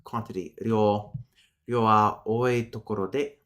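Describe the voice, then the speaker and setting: A man hosting a casual live-stream lesson, reading his notes aloud and breaking off to think out loud with muttered asides. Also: on the low side, steady tone, moderate pace. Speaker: streamer teaching linguistics.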